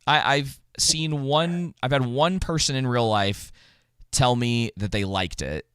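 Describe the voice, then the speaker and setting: A man's voice: mid-range voice, unhurried, fairly bright tone, clean tone, dry recording, clean studio sound. A man co-hosting a casual movie podcast, rambling with frequent laughs and restarts. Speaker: podcast co-host.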